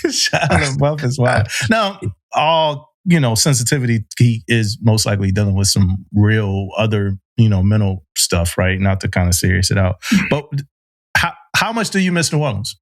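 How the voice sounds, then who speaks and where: A man's voice: lowish voice, expressive, normal speed. A man co-hosting a podcast, laid-back and joking as he asks the guest questions. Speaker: podcast co-host. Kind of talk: casual podcast chat.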